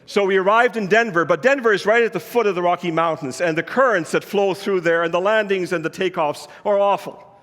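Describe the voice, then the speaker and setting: A man's voice: high-pitched, a bit bright. A man preaching a sermon, telling a story in an earnest, conversational way. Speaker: pastor. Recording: long reverb of a large hall.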